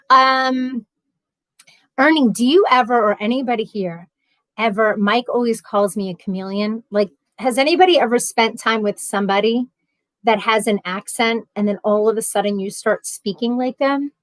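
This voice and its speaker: A woman's voice: fairly high pitch, moderate pace, a bit bright, no room sound. A woman with a New York accent chatting casually as a livestream host, reading chat messages aloud and rambling with frequent laughs.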